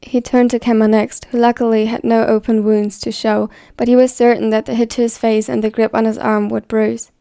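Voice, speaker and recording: Gravelly woman reading a story, flat delivery. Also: a little high, fairly quick, few pauses, no echo, faint music behind. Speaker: fan fiction reader. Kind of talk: scripted story narration.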